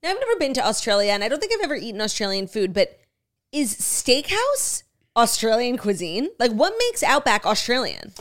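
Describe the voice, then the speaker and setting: A woman's voice: on the high side, huge pitch swings, fairly quick, a bit bright. A woman co-hosting a podcast in casual chat, teasing and questioning things in a mock-serious way. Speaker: podcast co-host.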